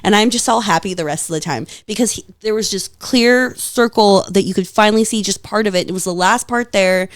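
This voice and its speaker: A woman guest on a podcast, telling stories in a lively, casual way, swearing freely and laughing often. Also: medium pitch, brisk, few pauses, no room sound, studio quality. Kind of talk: casual storytelling chat.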